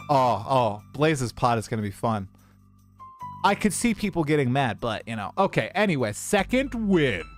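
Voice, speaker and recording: A young man chatting casually on a livestream, rambling and animated as he talks to his chat. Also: fairly high pitch. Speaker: streamer.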